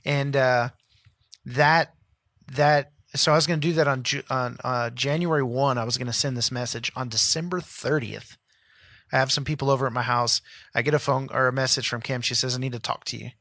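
Animated male pastor telling a story. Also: mid-range voice, brisk, dry recording, studio quality. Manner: animated storyteller acting out quotes. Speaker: pastor, podcast co-host. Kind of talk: casual storytelling chat.

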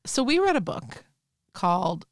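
A woman's voice: fairly low pitch, very animated, measured pace, no room sound, clean studio sound. A woman hosting a podcast in casual chat, bubbly and laughing often. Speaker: podcast host.

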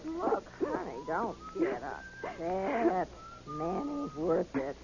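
An actress in a vintage radio play, voicing a sympathetic hotel clerk with a folksy, consoling manner. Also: female voice, on the high side, huge pitch swings, takes it slowly, vocal fry, over a noisy crowd, exaggerated voice. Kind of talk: 1940s radio acting. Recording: dull lo-fi old radio recording.

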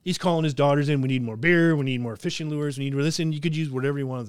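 A man's voice: fairly high pitch, racing, hardly any pauses, smooth, no room sound, studio quality. A man from southern Ontario, hosting a podcast and telling profane stories with lots of laughter. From southern Ontario, Canada. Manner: profane, laughing, animated storyteller. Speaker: podcast host. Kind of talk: casual storytelling.

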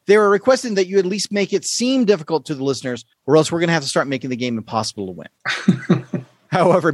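A man hosting a casual podcast quiz, playful and quick to laugh. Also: mid-range voice, dry recording. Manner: playful, laughs often, lively delivery. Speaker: quiz show host.

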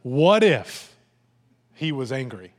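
A man preaching a sermon in a conversational, animated way, acting out voices and asides. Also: medium pitch, takes it slowly. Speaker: pastor. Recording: long hall reverb.

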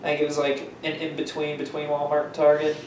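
A man's voice: on the high side, monotone, fast, a little mellow. Joking, swearing man with a raised voice. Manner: joking, swearing, laughs often. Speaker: podcast co-host. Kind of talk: casual gaming podcast chat. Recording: echoey room, distant mic, faint noise.

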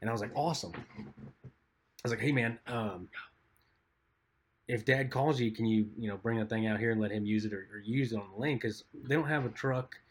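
A man on a podcast with a lowish, husky voice, telling long stories in a relaxed, rambling way. His phrases often trail off quietly at the end. Casual conversation with a co-host. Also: normal speed, pauses often. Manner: rambling, laid-back storytelling, trails off quietly at phrase ends. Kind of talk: casual chat.

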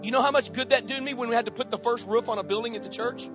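A man's voice: extremely high pitch, steady tone, very fast, over music. A male pastor preaching a sermon with passion and conversational humor.

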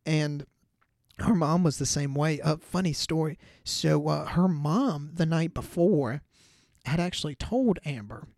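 A man's voice: fairly high pitch, a little slow, darkish tone, dry recording, studio quality. A young man hosting a podcast, telling a story in a rambling casual way full of "like" and "you know". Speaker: podcast host.

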